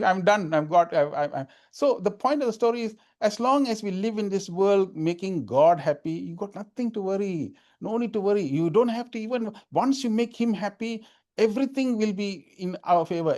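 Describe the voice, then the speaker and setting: Animated man giving spiritual talk. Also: sits high. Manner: animated, repeats phrases for emphasis. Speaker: spiritual speaker.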